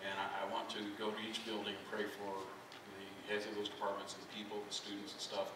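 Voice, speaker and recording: A middle-aged pastor talks fairly quickly in a lowish, monotone voice, giving a conversational sermon that's folksy, self-deprecating, and full of jokes with his congregation. The recording comes from a distant mic in a very echoey church sanctuary, with noise in the background.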